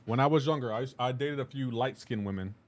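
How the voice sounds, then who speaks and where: A man's voice: mid-range voice, quick pace. A man talking casually with his live chat while gaming, rambling and laid-back, often laughing. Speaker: livestreaming gamer.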